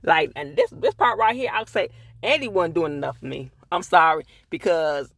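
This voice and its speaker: A man recapping and reviewing a TV episode, with animated, profane, indignant ranting. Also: fairly high pitch, normal speed, no room sound. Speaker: TV show reviewer.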